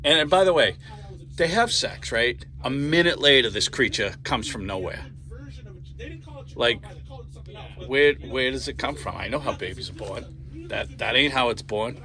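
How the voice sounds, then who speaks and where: A man chatting casually in a comic book shop, rambling and animated, laughing often. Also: mid-range voice, measured pace, long pauses. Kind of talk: casual chat.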